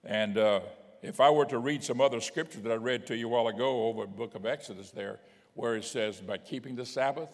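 A male bishop delivers a sermon in an easy, conversational way, stopping to read scripture passages aloud. His voice sits at an ordinary middle pitch. The sound carries a long reverb tail, as if from a large hall. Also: fast talker. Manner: conversational preaching, reads scripture aloud, chuckles now and then. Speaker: bishop preaching.

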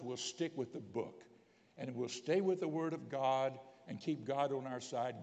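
A bishop preaching a sermon in a church, telling stories softly and then rising into loud exclamations. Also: male voice, mid-range voice, vocal fry. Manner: storytelling preacher, swings from soft to loud exclamations. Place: church sanctuary. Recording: long church reverb.

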